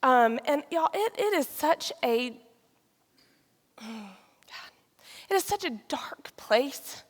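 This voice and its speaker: A woman, sharing a candid personal testimony with pauses and restarts. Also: high voice, lively intonation. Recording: long reverb of a large hall.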